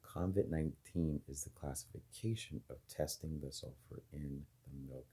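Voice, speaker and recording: A man's voice: rumbling low, normal speed, dark tone, breathy edge. A man talking casually to his viewers, rambling through ideas with many fillers and restarts. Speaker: video host. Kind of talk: casual monologue to camera.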